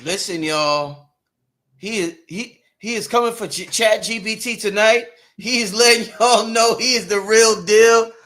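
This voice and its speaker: A man hosting a casual livestream interview, animated and exclaiming, reading out viewer questions. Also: high voice, a little slow. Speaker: livestream host.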